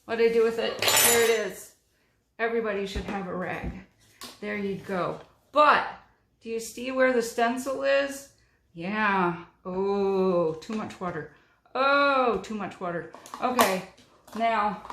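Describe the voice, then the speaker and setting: A woman's voice: mid-range voice, takes it slowly, pauses often, fairly bright tone, a little hiss or hum. A middle-aged woman chatting through a card-making tutorial, talking her way through each step with frequent ums. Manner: chatty, narrates while working, many ums. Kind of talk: crafting tutorial chat. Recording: echoey room.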